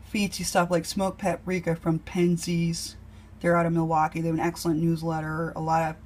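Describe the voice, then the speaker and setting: Chatty lady making lunch in her kitchen, lowish voice, lots of ums, faint room hum behind. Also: darkish tone. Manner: chatty and rambling, many ums. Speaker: home cook vlogger. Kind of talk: casual chat while cooking. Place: home kitchen.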